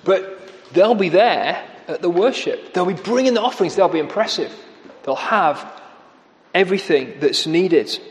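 A man's voice: animated, moderate pace, a little hiss or hum. A man preaching a sermon. He speaks with sarcasm and mocks his quoted lines by lifting his voice. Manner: sarcastic, mocking quotes with rising pitch. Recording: echoey hall.

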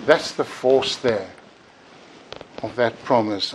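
A man preaching to a congregation with earnest, emphatic delivery. His pitch sits mid-range. He circles back on words as he builds to each point, over a faint hiss of background noise. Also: steady tone, takes it slowly, poor audio. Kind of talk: sermon. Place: church building.

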